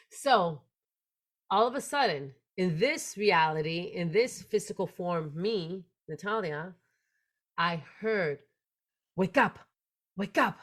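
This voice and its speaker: A woman hosting a spiritual podcast, telling a personal story in an earnest, animated way. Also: fairly low pitch. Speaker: podcast host.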